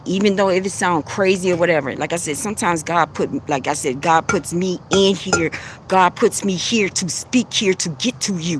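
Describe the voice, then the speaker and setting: A woman's voice: on the low side, a little hiss or hum. A woman giving an impassioned spiritual talk as a livestream host, preachy and repetitive. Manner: passionate, preachy, repeats herself.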